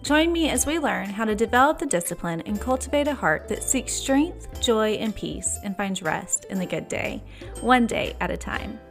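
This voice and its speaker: A woman's voice: medium pitch, animated, moderate pace, creaky, soft background music. A woman hosting a devotional podcast, reading her intro in an upbeat, chatty way with light laughs. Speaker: podcast host.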